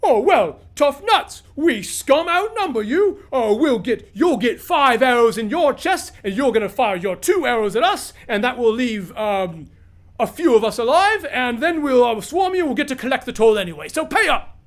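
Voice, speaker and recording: A man's voice: very high voice, very animated, normal speed, pitched above the performer's own voice. Raised, jeering voice of a boastful road bandit chief, put on by a man. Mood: mocking. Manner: mocking, boastful. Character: taunting male road bandit leader.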